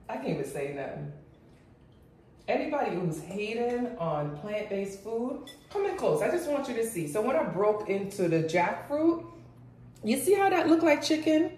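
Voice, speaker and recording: A woman with a Jamaican accent hosting a casual home cooking vlog, chatty and excitable as she talks to her viewers. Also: fairly high pitch, measured pace, slight background noise. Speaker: cooking channel host. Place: home kitchen. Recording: very echoey room, mic far off.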